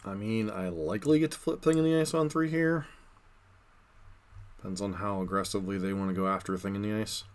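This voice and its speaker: Low-voiced man muttering game commentary. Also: fairly quick. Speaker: card game streamer. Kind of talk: casual gameplay commentary.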